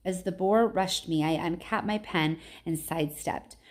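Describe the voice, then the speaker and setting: Woman reading a novel aloud, lower voice. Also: normal speed. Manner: casual, chatty asides.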